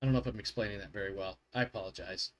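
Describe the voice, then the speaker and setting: A man's voice: on the low side, very fast. A man narrating as game master of a tabletop game, rambling with fillers and self-corrections.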